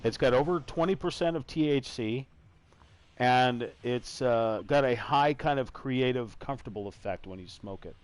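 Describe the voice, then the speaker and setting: A man's voice: medium pitch, normal speed, clear, resonant tone. A man hosts a casual live gaming broadcast, talking loosely while he plays. He swears freely and drifts between game calls and stories. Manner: casual, swears, tries silly accents. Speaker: podcast host and gamer. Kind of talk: casual chat while playing.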